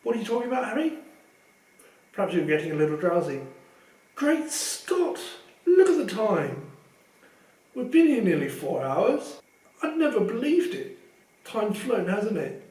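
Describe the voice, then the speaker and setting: A man voicing a vain, pompous celebrity wizard teacher who talks in a self-admiring, drawn-out way. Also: sits high, very animated, darkish tone, reverberant, far from the mic, pitched above the performer's own voice, rough recording.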